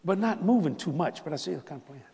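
A man preaching a storytelling sermon, chatty and laughing along, swinging between loud exclamations and hushed near-whispers. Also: fairly high pitch, animated, fast, vocal fry, big-room sound. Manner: conversational, laughs with the crowd.

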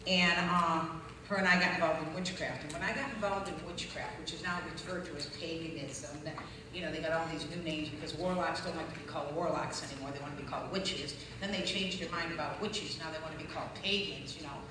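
A woman preacher telling her testimony as a story, acting out the voices of people in it and rising to loud, fervent peaks. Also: deep voice, fairly even intonation, fast. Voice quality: distinctive voice. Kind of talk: testimony sermon. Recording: echoey hall from far off with noise.

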